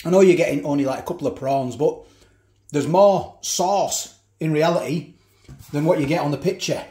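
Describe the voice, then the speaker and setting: A man's voice: on the high side, normal speed, dark tone, echoey room. A man casually reviewing a ready meal, chatting and eating as he talks, with cutlery clinking. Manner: chatty, eats while talking, repeats himself. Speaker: food reviewer.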